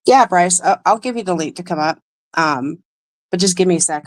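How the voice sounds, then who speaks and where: A woman with a fairly low voice and lively intonation speaks at normal speed in a dry recording. Hosting a livestream, she tells a personal story in a rambling, emotional way, pausing to greet viewers in chat.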